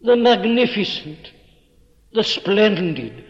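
Emphatic preacher in an echoing hall. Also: male voice, fairly high pitch, lively intonation, normal speed. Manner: emphatic, declamatory, repeats words with rising stress. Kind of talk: evening sermon. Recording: dull old recording with long hall reverb.

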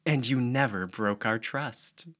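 A man reading an audiobook, voicing a gentle young woman who speaks calmly and sweetly. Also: medium pitch, slow. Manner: calm, sweet and diplomatic. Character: sweet, gentle girl with a quiet edge.

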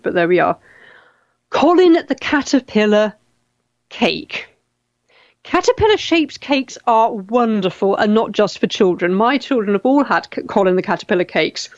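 A woman's voice: medium pitch, dry recording, highs cut off. A middle-aged English woman hosting a casual chat, reading out viewer comments and often repeating her words. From England.

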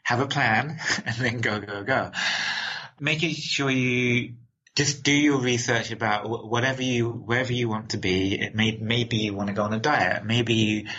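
A man's voice: medium pitch, steady tone, normal speed, bright, forceful tone, dull audio. A man from England with an accent between London and American, answering interview questions in an upbeat way, laughing often and repeating words as he goes. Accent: mixed London and American. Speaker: interview guest.

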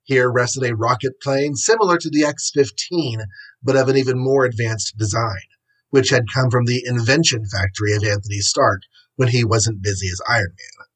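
Husky male storybook narrator. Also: medium pitch, moderate pace, low-quality recording. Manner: steady, plain reading.

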